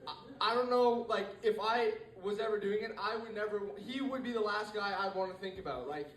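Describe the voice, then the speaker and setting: A teen stand-up comedian, voice sitting high and pace a little fast, works a live room with a rambling set of fillers and restarts. The recording comes from an echoey room with the mic at a distance.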